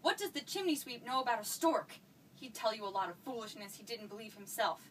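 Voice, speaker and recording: Fretful evasive mother played by a woman, high voice, distant faint-hiss recording. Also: brisk, close to an everyday voice. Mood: flustered. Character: anxious, flustered mother of a teenage girl. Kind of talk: stage play acting. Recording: distant mic with faint noise.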